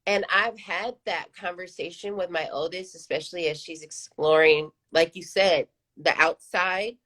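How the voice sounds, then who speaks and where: Earnest, reflective woman with a lowish voice. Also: fairly even intonation, normal speed, a bit bright. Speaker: parent coach. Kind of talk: live panel discussion.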